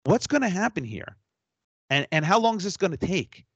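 A man co-hosting a podcast, telling a story in an animated, exasperated rant with some swearing. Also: sits high, moderate pace, husky, no echo. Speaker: podcast co-host. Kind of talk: casual storytelling chat.

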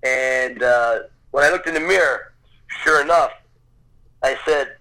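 A storyteller guest shares a childhood anecdote in an earnest, conversational, casual way, voicing the people he quotes. His mid-range voice is bright and forceful, and he takes his time. The audio is thin, like a phone line or radio broadcast.

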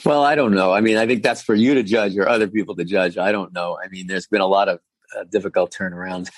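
A man with a low, slightly husky voice talks through his answers, circling back and filling pauses as he thinks. He sounds like a guest in an interview. The sound is dry and close, with little room around it. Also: steady tone, dry recording. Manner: thoughtful, rambling with many fillers. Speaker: guest, former agency commissioner.

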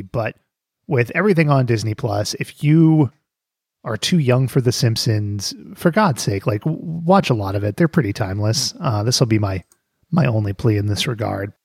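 A man's voice: mid-range voice, creaky, a little mellow, no echo, clean studio sound. A man co-hosting a podcast, chatting casually and cracking jokes. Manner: joking, playful, laughs often. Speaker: podcast co-host. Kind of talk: casual chat.

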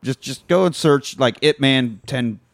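A man's voice: medium pitch, a little slow, gravelly, no echo. Man, podcast co-host, casual profane movie recap, dry close sound. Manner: profane, animated retelling with acted quotes.

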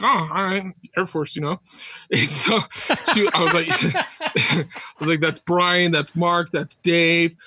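A man telling war stories as a podcast guest, animated, laughing often and acting out quotes. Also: fairly high pitch, slightly rough, dry recording. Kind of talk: casual storytelling.

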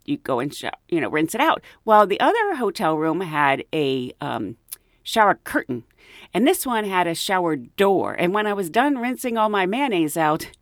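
A woman's voice: on the low side, big pitch swings, normal speed, no room sound, clean studio sound. A woman who works as a flight attendant hosting her podcast, telling a story in a chatty, giggly way with plenty of ums and uhs. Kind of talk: casual storytelling monologue.

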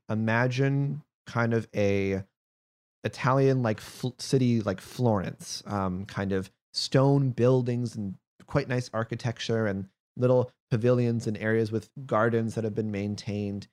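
A man narrating a tabletop fantasy game as game master, describing scenes in a relaxed way with fillers. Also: fairly low pitch.

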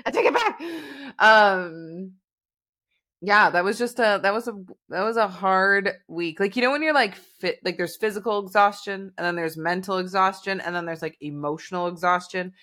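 A woman's voice: mid-range voice, brisk, few pauses, bright, forceful tone. A woman co-hosting a podcast in casual chat over a video call. She laughs easily and uses mild exclamations. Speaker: podcast co-host.

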